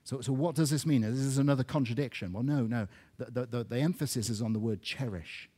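A man delivers a sermon to his congregation in a middle-pitched voice. He is earnest and often restarts or repeats small words as he goes. When he drives a point home, his voice climbs and grows louder. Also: quick pace. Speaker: pastor.

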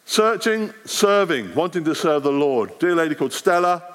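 A middle-aged man, a street evangelist, giving an animated talk to a church audience. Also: on the high side, moderate pace. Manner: animated, acts out street conversations.

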